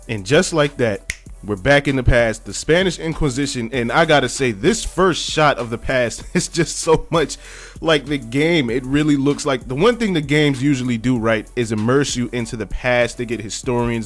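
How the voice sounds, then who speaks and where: A man hosting a video, giving casual, joking commentary and laughing often. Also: mid-range voice. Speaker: video host.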